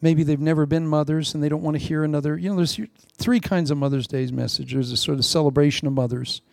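A middle-aged man preaching a sermon in an animated, preacherly way, with playful asides and laughter. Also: on the high side, quick pace, vocal fry, no echo. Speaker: pastor.

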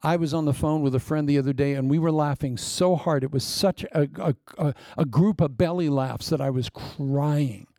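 Male preacher, fervent conversational sermon, dark tone, dry close sound. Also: on the high side, normal speed, hardly any pauses, no room sound. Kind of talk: sermon ending in prayer.

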